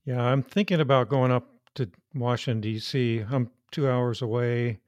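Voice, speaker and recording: A man in casual chat, relaxed and joking, asking questions as host. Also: mid-range voice, moderate pace, no echo.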